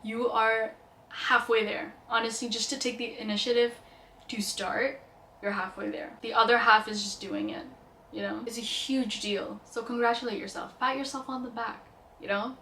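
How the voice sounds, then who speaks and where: A woman's voice: on the high side, level tone, moderate pace, bright, forceful tone, a little hiss or hum. A young woman vlogger giving casual, earnest self-help advice, chatty and full of fillers. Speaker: lifestyle vlogger. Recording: roomy echo, mic at a distance.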